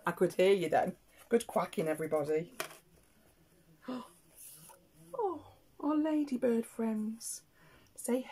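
A British woman, a nursery teacher, reading a picture book aloud to small children with playful, expressive gasps and hushed asides. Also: a little high, takes it slowly, pauses often, slightly rough.

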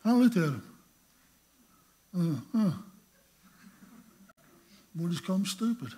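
A middle-aged man, preaching a sermon in a folksy storytelling way, acting out scenes with sudden loud bursts. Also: high voice, expressive, slow pace, slight background noise. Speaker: pastor.

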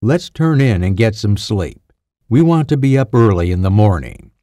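A narrator doing an army major pressing urgent questions in an audiobook, his voice a touch raised from his low, mellow tone, with lively movement. The sound is dry and close. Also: normal speed, no echo. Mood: resolute. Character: tense, determined male army major.

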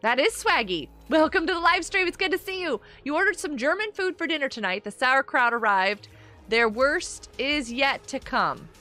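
A woman's voice: high voice, sing-song, brisk, hardly any pauses, pushed and bright. A middle-aged woman hosting a casual gaming live stream from home, bubbly and giggly as she reads viewers' chat aloud. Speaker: livestream host. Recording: faint music behind.

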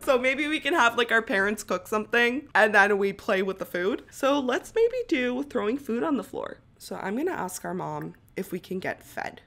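A young woman giving casual, excitable commentary while playing a life-simulation game. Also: a little high. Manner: excitable, exclaiming and chatty. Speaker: gaming YouTuber.

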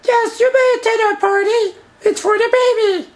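A man putting on a squeaky falsetto as a cheerful party hostess in a home-made comedy movie. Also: steady tone. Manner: squeaky falsetto, slow and sing-song.

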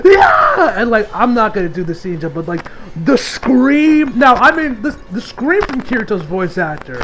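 A man reviewing an anime episode in a casual recap, excitable, swearing freely and laughing often. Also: high voice, a little hiss or hum, low-quality recording.

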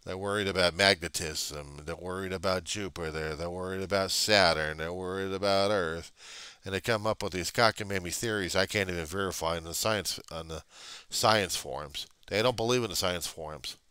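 A middle-aged man in a rambling casual monologue, gruff and grumbling, swearing freely as he talks to his webcam. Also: sits low, normal speed, sharp tone, no echo. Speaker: vlogger.

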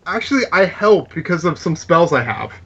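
A man chats playfully as a tabletop player. His voice is high-ish and swings around a lot, heard through muffled call audio. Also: very animated, moderate pace, vocal fry, noisy background. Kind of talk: casual game chat.

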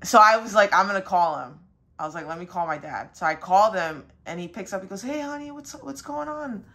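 Talking fast, her tone a touch bright, the young woman, a spiritual reader, spins a loose, casual tale thick with fillers and the odd mild curse word. She pitches her voice higher whenever she quotes her father.

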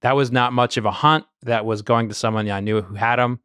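A man's voice: medium pitch, fairly even intonation, fairly quick, a bit bright, clean tone, no echo. Guy on a podcast rambling through a story, lots of restarts, dry close mic. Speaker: podcast co-host, bourbon collector. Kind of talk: casual chat.

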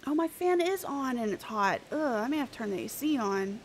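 A woman's voice: sits high, lively intonation, fairly quick, slight background noise. A woman live-streaming a game, chatting playfully with her viewers. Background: background music.

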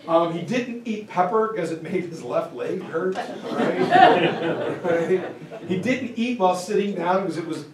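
Brief: high-voiced man telling history like a story to a school group, recorded from far back. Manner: animated, folksy, conversational. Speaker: history lecturer. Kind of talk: casual storytelling lecture. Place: school meeting room. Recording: echoey room, from far off.

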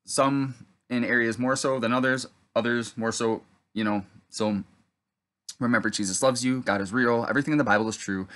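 A man telling about a dream in a halting, rambling monologue, full of fillers and throat clearing, then preaching earnestly. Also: medium pitch, steady tone, fairly bright tone. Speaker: vlogger recounting a dream.

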